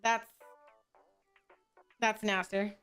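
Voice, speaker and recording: A woman's voice: medium pitch, level tone, extremely slow, fairly bright tone, clear, resonant tone, soft background music. A young woman streaming a game, chatting casually with over-the-top, profane outbursts. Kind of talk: casual game livestream chat.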